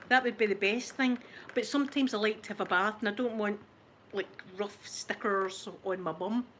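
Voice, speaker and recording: In a casual chat with her viewers, a Scottish ASMR host in her forties laughs often and jokes at her own expense while telling stories. She has a mid-range, fairly bright voice and talks at a normal speed, with slight background noise behind her.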